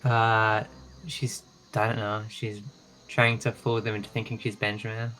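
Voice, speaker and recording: A man's voice: lowish voice, monotone, unhurried, a bit bright, rough recording. A man playing a tabletop role-playing game, playfully describing his character's actions in third person. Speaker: player.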